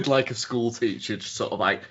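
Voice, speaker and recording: A man's voice: mid-range voice, very animated, moderate pace, husky, muffled recording. A man, chatting casually as a podcast co-host, hesitant and often laughing along. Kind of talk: casual recap chat.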